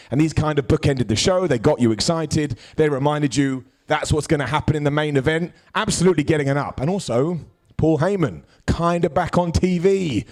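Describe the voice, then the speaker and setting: A man hosting a live wrestling review show, joking and bantering with people in the crowd. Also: on the high side. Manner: jokey, animated, bantering with hecklers.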